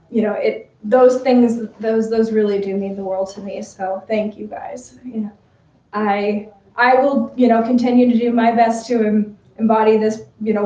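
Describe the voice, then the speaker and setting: A woman's voice: mid-range voice, dark tone. A woman cosplay model chatting casually during a livestream photo shoot, giggly and full of fillers. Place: room with a bar. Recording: roomy, distant, dull livestream audio.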